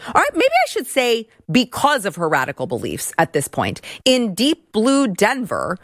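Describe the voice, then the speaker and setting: A woman's voice: on the low side, no room sound, clean studio sound. A young woman hosting a political talk show, giving a brash, sarcastic, opinionated monologue. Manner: brash, sarcastic, rapid-fire.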